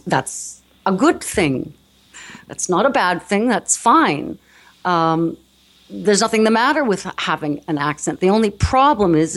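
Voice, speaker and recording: Brief: North American woman, speech coach guest, earnest teaching tone, slightly low voice. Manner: earnest, explanatory, with frequent restarts. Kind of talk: interview conversation.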